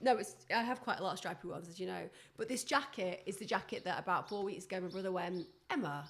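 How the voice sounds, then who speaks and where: A woman co-hosting a podcast in casual chat, telling animated, jokey stories. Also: on the low side, fast talker, husky. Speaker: podcast co-host.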